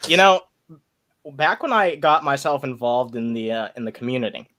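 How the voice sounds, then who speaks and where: A man's voice: mid-range voice, animated, moderate pace, sharp tone. Giggly, rambling stoned man. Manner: giggly and rambling, breaks into laughter. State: high on cannabis. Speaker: stream host. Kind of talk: casual chat.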